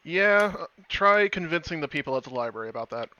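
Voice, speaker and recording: A man taking part as a player in a tabletop game, laid-back and quick to laugh. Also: a little high, animated, pushed and bright, muffled recording. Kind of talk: tabletop role-play.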